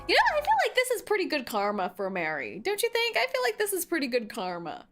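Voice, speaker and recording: High, excitable woman game streamer. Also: fast, hardly any pauses. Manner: giggly, excitable, jokey reactions. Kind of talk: casual let's-play commentary. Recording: loud game music behind.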